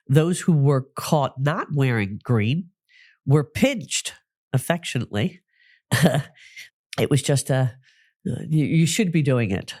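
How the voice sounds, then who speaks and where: A New Jersey man who works as a podcast host and psychic medium speaks in a medium-pitched, slightly mellow voice. In a chatty solo talk, he tells stories and frequently restarts his sentences. The studio sound is clean and echo-free.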